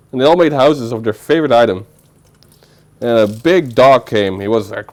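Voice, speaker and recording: A man's voice: mid-range voice, animated, normal speed, darkish tone. Guy rambling thru a goofy story on stream, voice bounces all over, tons of fillers. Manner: rambling, playful, lots of filler words. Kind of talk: casual livestream storytelling.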